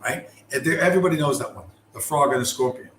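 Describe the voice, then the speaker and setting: A man's voice: medium pitch, fast talker, fairly bright tone, reverberant, a little hiss or hum, poor audio. A man delivering a profane, contemptuous ranting monologue, aggressive and heavy with swearing. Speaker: commentator.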